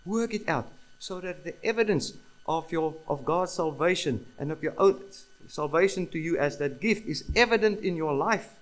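A man's voice: on the high side, lively intonation, moderate pace, rough recording. A man preaching a sermon, emphatic, repeating key phrases and asking the listeners rhetorical questions.

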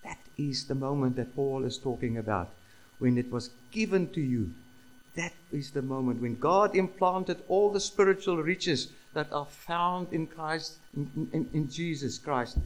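A man's voice: a little high, a little slow, poor audio. A man preaching a sermon, emphatic, repeating key phrases and asking the listeners rhetorical questions.

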